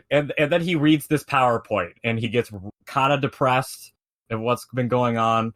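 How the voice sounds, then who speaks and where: A man's voice: mid-range voice, moderate pace. Rambling, swearing young man. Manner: rambling, profane retelling with many fillers. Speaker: podcast co-host explaining lore. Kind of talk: casual chat.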